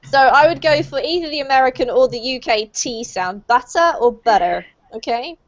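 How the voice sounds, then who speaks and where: A British-accented woman teaches English pronunciation to a small online group, patient and encouraging as she explains. Her voice is high and fairly quick. The lo-fi sound comes through a video call.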